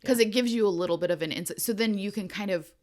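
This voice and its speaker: A woman co-hosts a podcast, rambling through a casual book-club chat and laughing often. Her voice is mid-range and darkish in tone, and she talks fast.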